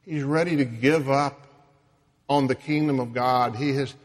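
A man preaching a sermon, emphatic, dropping to a hush and rising loud for stress. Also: mid-range voice, fairly even intonation, long reverb tail. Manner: slow, emphatic, swings between hushed and loud.

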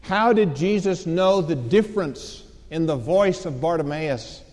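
A man's voice: fairly high pitch, animated, measured pace, a little mellow. A man preaching a sermon, telling a story dramatically and acting out the voices of its people. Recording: long hall reverb.

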